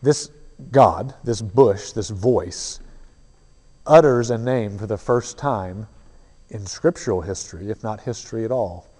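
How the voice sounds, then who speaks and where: Male preacher, mellow low-key tone, reflective storytelling, long hall reverb. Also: unhurried, husky. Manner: earnest, reflective storytelling with frequent restarts. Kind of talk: sermon.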